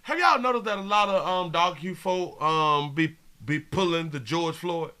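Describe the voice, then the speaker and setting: A man's voice: fairly high pitch, moderate pace, sharp tone, clean tone. A man hosting a live show, talking loosely and straight to his viewers as he comments on video footage. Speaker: show host.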